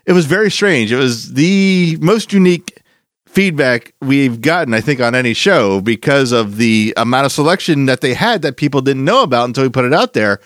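A man co-hosting a podcast in casual chat, with a gravelly voice, rambling and restarting as he talks. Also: mid-range voice, normal speed, dry recording, clean studio sound. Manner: animated, rambling with frequent restarts. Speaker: podcast co-host.

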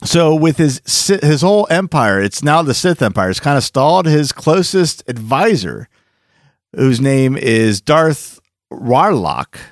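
A man's voice: on the high side, sing-song, measured pace, dry recording. A man hosting a podcast tells a long story in a chatty, joking way. His voice rises and falls a lot. The sound is dry and close. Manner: chatty storytelling with frequent laughs and asides. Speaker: podcast host. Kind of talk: casual recap of comic lore.

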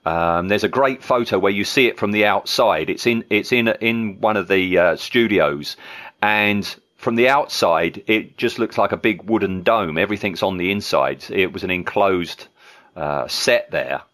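A man hosting a casual film podcast, chatty and relaxed, with frequent ums and chuckles. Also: low voice, moderate pace. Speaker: podcast host.

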